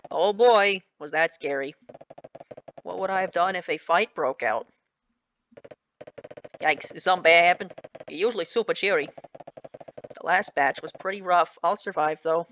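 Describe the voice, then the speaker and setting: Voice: mid-range voice, normal speed, long pauses, fairly bright tone, muffled recording, a little hiss or hum. A streamer reading a visual novel aloud, voicing the characters in a casual, snappy way. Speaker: let's-play streamer.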